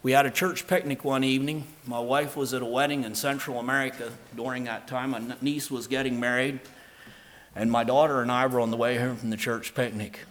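A male pastor giving an emphatic sermon with a bright, ringing voice. His pitch sits in an ordinary middle range. He swings from soft, earnest talk to loud, stressed lines as he tells a personal story. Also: little pitch movement, brisk.

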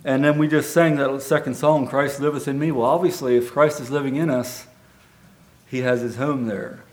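Man, preacher, mid-pitched, earnest, storytelling then sermon, halting restarts. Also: steady tone, a little mellow.

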